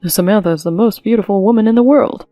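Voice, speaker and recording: A woman voicing a calm, resolute groom. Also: mid-range voice, quick pace, no room sound, close to an everyday voice. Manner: composed and polite. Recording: dry with soft music behind.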